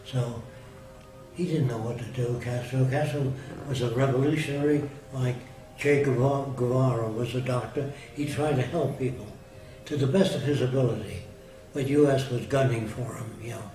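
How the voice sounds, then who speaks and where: A man's voice: mid-range voice, normal speed, dark tone. An older man talking casually, telling plain-spoken anecdotes and giving blunt opinions. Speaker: guest. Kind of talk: casual storytelling conversation. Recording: roomy echo, far mic, music behind.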